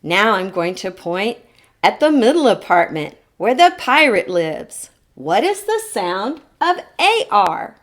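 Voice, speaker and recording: A woman's voice: mid-range voice, very animated, takes it slowly. A woman teacher giving a televised phonics lesson to children. She patiently models each sound and asks them to repeat it back. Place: TV studio lesson set.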